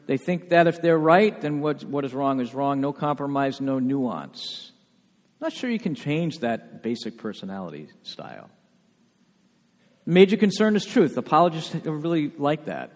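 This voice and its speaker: A man preaching a sermon as pastor, emphatic, with rhetorical questions and sudden soft asides. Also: on the high side, in a large hall. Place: church sanctuary.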